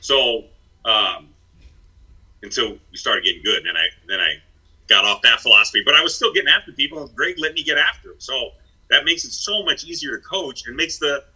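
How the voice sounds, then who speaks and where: A man's voice: mid-range voice, lively intonation, brisk, pushed and bright, breathy edge, rough recording. A middle-aged man, a former basketball head coach, telling stories in a blunt, self-deprecating way. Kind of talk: casual chat.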